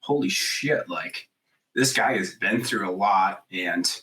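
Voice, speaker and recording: A man's voice: low voice, slow pace, recorded from a distance, low-quality recording. Guy in his 30s telling a wild story on a podcast, keeps saying like, swears a lot, sits a little back from the mic. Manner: animated storyteller, acts out quoted voices loudly; frequent "like" fillers, swears casually. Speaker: podcast guest. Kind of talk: storytelling in a casual interview.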